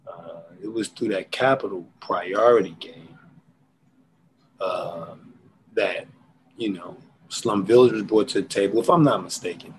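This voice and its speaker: A man, a rapper guest, telling stories in a relaxed interview, animated and full of slang. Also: sits low, slight background noise, poor audio. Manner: animated, acts out quotes and beatboxes; drawn-out slang-heavy delivery. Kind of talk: casual storytelling interview.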